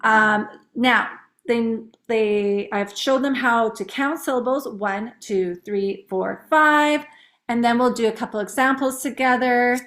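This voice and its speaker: A woman's voice: a little high, a bit bright. A woman teacher chatting casually and upbeat, explaining how she teaches young kids to count syllables. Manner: chatty, upbeat, demonstrates words slowly in syllables.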